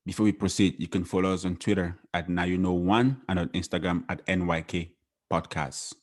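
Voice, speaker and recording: A young man leads a casual podcast conversation. He sounds relaxed and often doubles up words mid-sentence. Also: deep voice, a little fast. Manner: relaxed, repeats words as he speaks. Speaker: podcast host.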